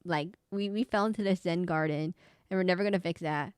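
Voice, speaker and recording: A woman's voice: fairly low pitch, brisk, smooth, dry recording, clean studio sound. A young woman, a VTuber streamer, chatting through live gameplay commentary and exclaiming as she reads game dialogue aloud.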